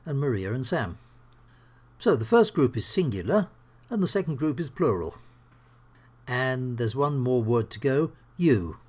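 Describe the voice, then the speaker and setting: Male English teacher, husky, animated delivery, slow careful explaining. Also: mid-range voice. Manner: slow, clear explaining with examples. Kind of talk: grammar lesson.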